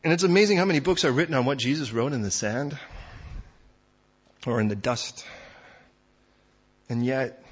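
A man preaching a sermon in a conversational way, pushing louder and faster at times and then dropping quiet. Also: mid-range voice, creaky, slightly rough, lo-fi sound. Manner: conversational preaching, building to loud fast bursts then dropping soft. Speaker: pastor.

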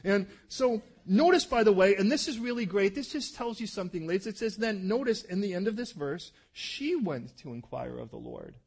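A man preaching a sermon as pastor, telling stories animatedly and acting out voices, dropping soft for tender moments. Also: high-pitched, big pitch swings, moderate pace, gravelly, few pauses, slightly rough.

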